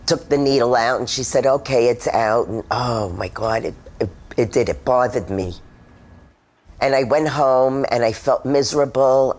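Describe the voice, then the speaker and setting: A woman's voice: very deep voice, a little mellow. A woman, a former smoker, telling her own story in a candid, emotional testimonial. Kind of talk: personal testimonial.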